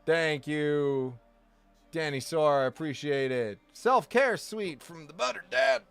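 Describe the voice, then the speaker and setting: A man's voice: a little high, animated, slow pace, a bit bright, clear, resonant tone, soft background music. A man chatting casually on a live stream, rambling, correcting himself often and joking along with his chat. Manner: rambling, self-correcting, jokey.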